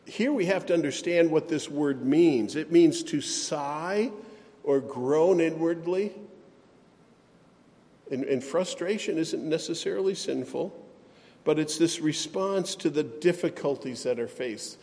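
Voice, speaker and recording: A man's voice: on the high side, a little slow, dark tone. A man preaching from the pulpit with a slightly raised voice, his words carrying with a long reverb through a church hall. He talks in an earnest, emphatic way, slipping in sighs and self-deprecating asides. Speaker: pastor. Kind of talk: sermon.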